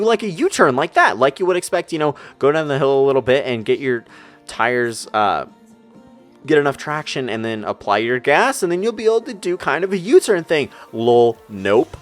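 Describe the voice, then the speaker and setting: An excitable young man tells a rambling story over gameplay. He talks fast in a mid-range voice. Faint music plays underneath. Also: medium pitch. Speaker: gaming YouTuber.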